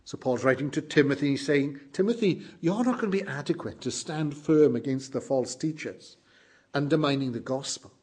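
A middle-aged man preaching a sermon, earnest and emphatic, moving between loud exclamations and hushed lines. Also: medium pitch, moderate pace, breathy edge.

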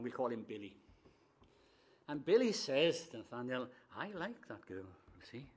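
A man preaching a sermon, telling stories and acting out the quoted voices, moving from hushed asides to emphatic declarations. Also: medium pitch.

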